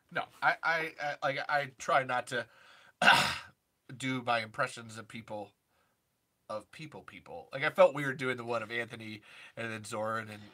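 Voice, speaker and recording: A man's voice: medium pitch, pushed and bright. A young man chatting casually on a podcast, rambling and self-deprecating with sardonic asides.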